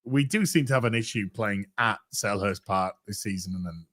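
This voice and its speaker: A man's voice: on the low side, normal speed, fairly bright tone. A man hosting a casual show, reading viewer messages in a dry, offhand way. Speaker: podcast host reading donations. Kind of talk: casual chat.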